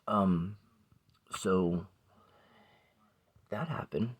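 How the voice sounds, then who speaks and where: Man, 40s, very low husky voice; rambling vlog storyteller, swears, drifts into hushed asides. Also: normal speed. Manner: rambling, swears often, drops to a near whisper at times. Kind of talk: casual personal storytelling to camera. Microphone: phone or camera close by.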